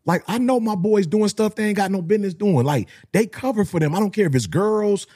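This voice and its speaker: A man's voice: brisk, breathy edge. A middle-aged man, a motivational speaker who tells stories in slangy talk and acts out other people's voices. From Detroit area. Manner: animated, slangy, acts out voices with big pitch jumps. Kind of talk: storytelling talk.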